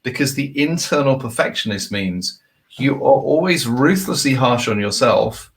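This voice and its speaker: A man's voice: mid-range voice, lively intonation, normal speed, slight background noise. A man hosting an interview show, giving thoughtful coaching advice in long, reflective sentences. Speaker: podcast host.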